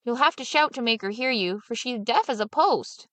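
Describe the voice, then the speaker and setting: A woman's voice: expressive, normal speed, no echo. Little Claus, a woman doing a cheeky young farmer. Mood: sly. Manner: bright, high and eager.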